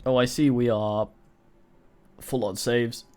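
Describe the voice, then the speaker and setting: A male game streamer talking casually over his play. He rambles, swears freely and often restarts his sentences. His voice sits in an ordinary middle pitch. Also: level tone, slow, a little mellow, clear, resonant tone. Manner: rambling, profane, with frequent restarts. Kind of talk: casual live-stream commentary.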